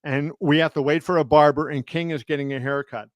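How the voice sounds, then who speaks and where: A man's voice: a little high, steady tone, a little fast, no echo. A man hosting a live stream as a boxing journalist, telling stories with many fillers and restarts and acting out quotes with a raised voice. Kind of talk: casual live-stream storytelling. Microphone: home setup on a live video stream.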